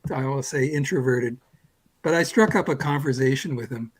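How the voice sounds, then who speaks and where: A man's voice: medium pitch, fairly quick, slightly rough, low-quality recording. A man in his sixties from Canada, a guest comics artist telling a long rambling anecdote in casual chat, self-deprecating and full of restarts. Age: 60s.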